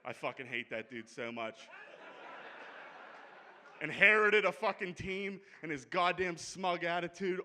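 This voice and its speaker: A man's voice: on the high side, animated, a little slow, pauses often, sharp tone. A man with a Pittsburgh accent doing a brash, profane, conversational stand-up set on a comedy club stage. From Pittsburgh, USA.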